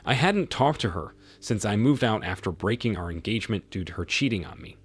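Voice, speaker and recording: Man, story narration, wry and bitter, husky low voice, animated delivery. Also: fairly quick, soft background music. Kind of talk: first-person story narration.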